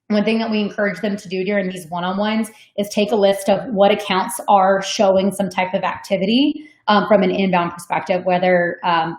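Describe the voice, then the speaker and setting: A woman answering audience questions in a webinar, talking casually with many ums and likes. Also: medium pitch. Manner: conversational, frequent "um" and "like", laughs easily. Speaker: sales development manager on a webinar. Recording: echoey room.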